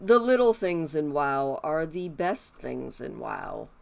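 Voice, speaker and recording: Woman streamer, low-pitched, unhurried, rambling chat at a desk mic. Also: big pitch swings, gravelly, darkish tone. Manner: chatty, rambling, talks to her pet raccoons in a cooing voice. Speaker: gaming streamer. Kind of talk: casual chat while streaming.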